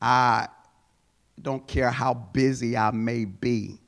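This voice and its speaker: A man's voice: mid-range voice, fairly even intonation, takes it slowly, vocal fry. A male pastor preaching a sermon, telling a personal story and building to emphatic exhortation.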